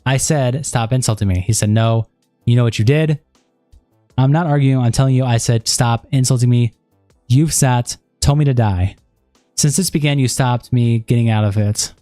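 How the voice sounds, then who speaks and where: Male streamer, dark mellow voice, dry close sound, reads logs aloud and drifts into loose asides over faint music. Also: medium pitch, normal speed, no echo. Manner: steady reading with rambling casual asides and fillers. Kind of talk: reading chat logs aloud on a live stream.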